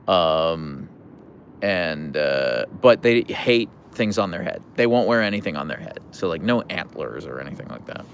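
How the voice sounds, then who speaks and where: A tired, relaxed man hosting a casual livestream, rambling with fillers as he answers viewer comments. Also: low voice, unhurried, a little hiss or hum. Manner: relaxed, rambling, with fillers, soft coos to the dogs. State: tired, yawning. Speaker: livestream host with pet huskies.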